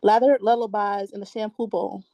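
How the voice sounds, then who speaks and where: A woman performing spoken word poetry at an open mic over a video call, giggly when chatting and measured when reciting. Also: medium pitch, steady tone, warm tone, no echo.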